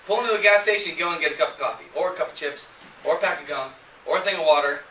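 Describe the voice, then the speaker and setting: A high, bright-voiced man gives an animated seminar talk, getting fired up and firing questions at the room. He is picked up from a distance in an echoey seminar room, with a faint hum of ambience behind him. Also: racing. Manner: animated, gets fired up, quizzes the audience. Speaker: sales seminar presenter. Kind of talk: lively seminar talk to a live audience.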